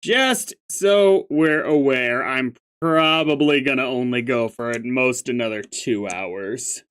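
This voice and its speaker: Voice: medium pitch, slow, a bit bright, smooth. A host reading a webcomic aloud, dropping casual, wry asides between the panels. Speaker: comic reader.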